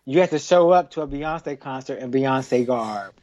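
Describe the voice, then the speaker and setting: A man's voice: mid-range voice, lively intonation, normal speed, darkish tone. A man co-hosting a podcast in casual chat, telling joking stories and laughing often. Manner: chatty, joking storyteller who laughs often. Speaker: podcast co-host.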